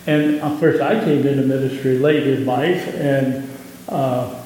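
A man with a Southern US accent, a pastor giving an impassioned sermon that rises in pitch on key points. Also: fairly even intonation, slow, dark tone, a little hiss or hum. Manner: impassioned preaching, rising in pitch on emphasis. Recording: echoey hall with long reverb.

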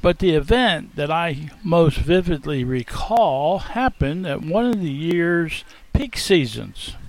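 A man's voice: a little high, no echo, low-quality recording. A man performing a folksy first-person dramatic monologue, theatrical in manner. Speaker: storyteller in character.

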